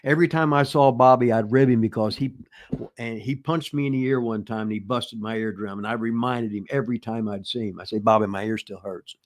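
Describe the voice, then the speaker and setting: Brisk and medium-pitched, an older ex-wrestler chats casually while answering listener questions. His wrestling tales ramble and curse, packed with restarts and homespun asides.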